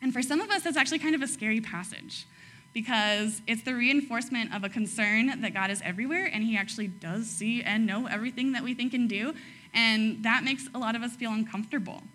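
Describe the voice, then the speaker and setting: A young woman preaching a casual sermon, chatty and quick to laugh, tagging her points with "right?" and "like". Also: fairly high pitch, fairly bright tone.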